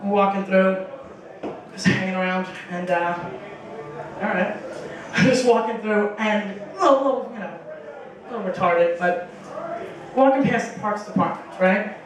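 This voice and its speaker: A woman's voice: medium pitch, normal speed, pauses often, crowd noise. Rambling, profane woman comic in an echoey bar. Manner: rambling, profane, full of fillers, acting out voices. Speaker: stand-up comedian. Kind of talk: stand-up comedy set. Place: small bar stage. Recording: echoey bar room from a distance.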